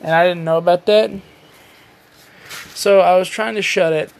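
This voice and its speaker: A man's voice: high-pitched, fairly even intonation, moderate pace, gravelly. A tired man hosting his own podcast, rambling through a casual solo rant with offhand swearing and self-deprecating asides. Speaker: podcast host.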